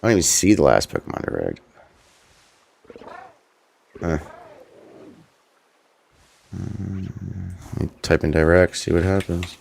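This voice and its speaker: A man's voice: low-pitched, big pitch swings, measured pace, gravelly, long pauses, a little mellow, a little hiss or hum. A man hosting a stream, talking in a rambling, offhand way and swearing casually. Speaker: streamer host. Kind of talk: casual gameplay commentary.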